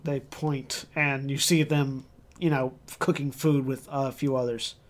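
A man's voice: medium pitch, level tone, a little slow, crowd noise. A man acting as game master, narrating a tabletop game with dry, wry asides.

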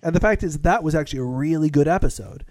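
Enthusiastic, rambling male podcast host. Slightly raised pitch, close and dry. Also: fast talker, a little mellow, no echo. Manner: rambling, enthusiastic, laughs often. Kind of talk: casual chat.

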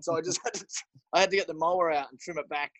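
A man's voice: a little high, fairly even intonation, rapid-fire, a bit bright, no echo. A middle-aged man with an Australian accent, a stand-up comedian rambling through stories with frequent giggles in casual chat on a call.

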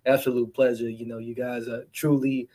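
A man's voice: mid-range voice, flat delivery, normal speed, warm tone. A man hosting a podcast, talking in a laid-back way with lots of fillers as he thanks his guests. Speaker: podcast host. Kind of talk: casual podcast talk.

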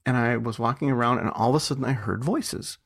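A man with a gravelly, fry-tinged voice tells stories in an interview. He is chatty and self-deprecating, laughs often, and restarts his sentences as he goes. His pitch sits right in the middle for a man. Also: quick pace. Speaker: author and entrepreneur guest. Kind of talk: casual storytelling interview.

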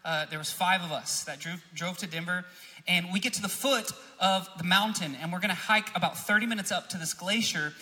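High bright-voiced young male preacher. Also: a little fast. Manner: animated, builds to shouting emphasis. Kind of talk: sermon with storytelling. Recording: echoey hall reverb.

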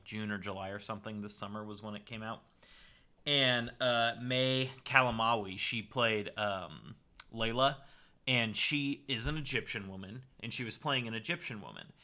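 Man with a very bright, tense voice. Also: mid-range voice. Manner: rambling, restarts a lot. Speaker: podcast co-host. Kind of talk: casual chat.

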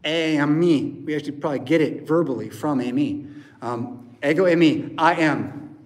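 An American man, a pastor, preaching a lively sermon in church and acting out voices and sounds. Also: fairly high pitch, normal speed. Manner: animated, acts out voices and sounds.

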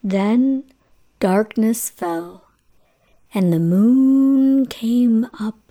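A woman hosting a children's story hour, reading a bedtime tale in a slow, sing-song, drawn-out way and asking playful questions of her young listeners. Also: fairly high pitch, dark tone.

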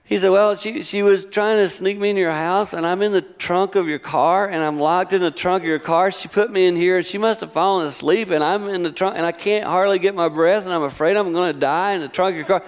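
A middle-aged man preaching a sermon, telling family stories with lively acted-out voices. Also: moderate pace, clear, resonant tone. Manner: animated storytelling, acting out voices with high-pitched exclamations. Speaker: pastor.

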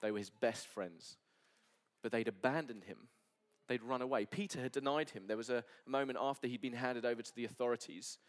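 A man preaching a sermon at a church service, earnest and sometimes dropping to soft near-whispers. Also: mid-range voice, a little fast. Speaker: pastor.

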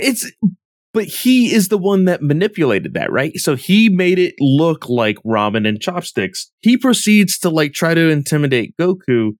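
Male co-host, mid pitch, dry close sound, hesitant and reflective. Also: no room sound. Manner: thoughtful, searches for words, repeats starts. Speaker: podcast co-host. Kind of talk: casual manga discussion.

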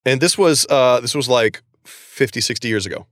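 A man's voice: medium pitch, moderate pace, a bit bright, dry recording, studio quality. A man co-hosting a podcast, recapping a book in casual chat; he rambles, laughs and swears casually.

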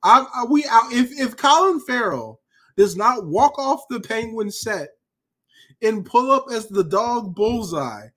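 A man co-hosting a podcast in casual chat, ranting in an animated, profane and emphatic way. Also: very high-pitched, unhurried. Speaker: podcast co-host.

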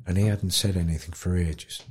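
A man telling an emotional story, animated and dropping to a hush at tender moments. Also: low-pitched, a little fast, husky. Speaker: guest musician in care.

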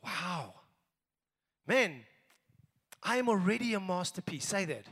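A middle-aged South African man preaching a sermon as pastor, emphatic, moving between raised exhortation and quiet asides. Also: high voice, big pitch swings, takes it slowly, slightly rough, in a large hall. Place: church.

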